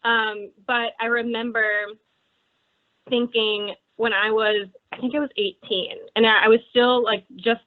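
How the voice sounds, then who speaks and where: A woman's voice: on the high side, flat delivery, measured pace. A woman in her twenties from Wisconsin with an Upper Midwest accent, chatting as an interview guest with lots of fillers. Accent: Upper Midwest American. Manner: chatty, many fillers like "um" and "you know". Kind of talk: casual interview chat. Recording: tinny phone-like line.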